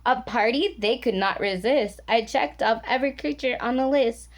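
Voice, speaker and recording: A woman's voice: a little high, moderate pace. A woman reading a rhyming picture book aloud in a sing-song, playful way. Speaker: storybook reader.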